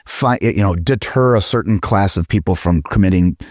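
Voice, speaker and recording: A man's voice: low voice, moderate pace, no room sound, clean studio sound. A man arguing carefully in a podcast roundtable, lawyerly and hedged, with frequent restarts. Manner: reasoned, lawyerly, hedging with restarts. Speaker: podcast guest. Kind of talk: roundtable discussion.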